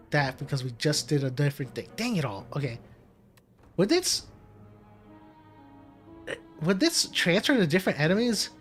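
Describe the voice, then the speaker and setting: A man casually commenting on his own card game as he plays, talking himself through each move, muttering and laughing at setbacks. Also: fairly high pitch. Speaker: gaming commentator. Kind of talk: casual let's-play commentary.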